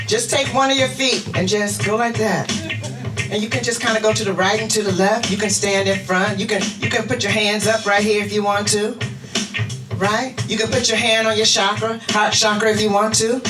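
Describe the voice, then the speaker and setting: A woman's voice: mid-range voice, normal speed. A woman minister giving an interactive sermon, leading the congregation in chants. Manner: animated, leads the congregation in call-and-response chants. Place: church sanctuary. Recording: roomy church sound from a distant mic, music behind. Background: music.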